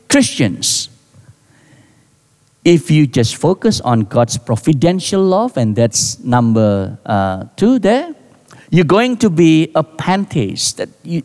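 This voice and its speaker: A man preaching a sermon as a pastor, deliberate, with rising emphasis on key words. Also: high voice. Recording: long reverb of a large hall.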